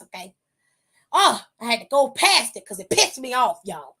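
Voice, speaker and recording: A woman hosting a podcast, recapping wrestling in a casual, animated way, blunt and profane with sassy asides. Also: fairly high pitch, moderate pace, breathy edge. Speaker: podcast host.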